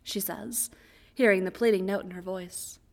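A woman narrating a story as an audiobook. Her voice sits at a middling pitch and stays quiet and even. She reads steadily from line to line. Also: moderate pace. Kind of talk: audiobook reading of fan fiction.

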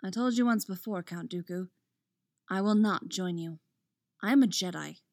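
A woman's voice: medium pitch, moderate pace, darkish tone, no echo, lightly acted. A woman voicing a wry, composed woman jedi master, clipped and sceptical, in a dry recording. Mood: urgent.

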